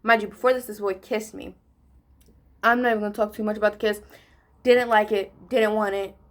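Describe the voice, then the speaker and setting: A teenage girl telling a story in a chatty, animated way, with a lot of slang, while doing her makeup. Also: mid-range voice, fairly quick. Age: teens. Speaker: vlogger. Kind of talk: casual story time during a makeup tutorial.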